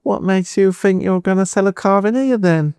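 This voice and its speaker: A man voicing a brash, blunt male sales director with a Cockney accent, speaking far higher than his own voice. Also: moderate pace, darkish tone, clear, resonant tone, dry recording, clean studio sound. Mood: challenging. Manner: blunt, challenging.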